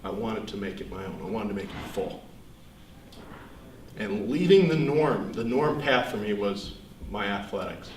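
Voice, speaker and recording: A young man giving an earnest, reflective seminar speech with pauses. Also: on the low side, animated. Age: young adult. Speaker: student speaker. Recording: echoey room, distant mic, faint hiss.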